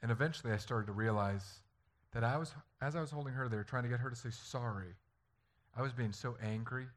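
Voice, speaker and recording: A man's voice: mid-range voice, fairly quick. A man preaching a sermon as a pastor, talking earnestly and conversationally and acting out stories from family life.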